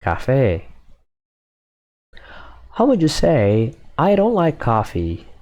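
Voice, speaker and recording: A man teaching a language lesson, repeating each phrase several times in a patient, measured way. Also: mid-range voice, wildly swooping pitch, a little mellow. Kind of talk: slow, repetitive lesson drills.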